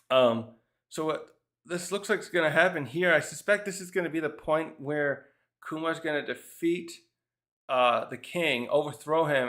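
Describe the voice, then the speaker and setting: A man's voice: medium pitch, a bit bright. A man casually reviewing a manga chapter, thinking aloud with frequent restarts and fillers. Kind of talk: casual rambling commentary.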